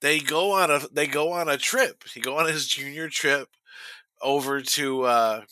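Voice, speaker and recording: A man's voice: on the high side, unhurried, sharp tone, no room sound, low-quality recording. A middle-aged man chatting casually on a podcast, telling a long story with restarts and laughing at his own tale. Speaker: podcast co-host.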